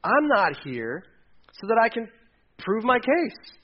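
A man's voice: sits high, huge pitch swings, slow, dull audio. A man preaching a sermon in a church, retelling a story in a casual way and putting on voices for the characters. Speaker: pastor.

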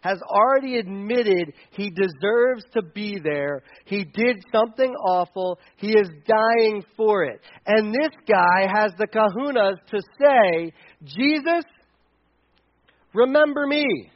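A man with a rather high voice preaches a sermon in a loose, conversational way, often starting sentences over. The recording sounds dull and lo-fi. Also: unhurried, few pauses. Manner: conversational preaching with frequent restarts and fillers. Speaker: pastor.

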